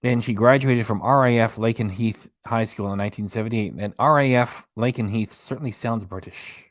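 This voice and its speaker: Fairly quick and lowish in pitch, a man hosts a laid-back reaction livestream. He wanders from topic to topic, reading viewer comments and web pages aloud, and the studio sound is clean with no room sound.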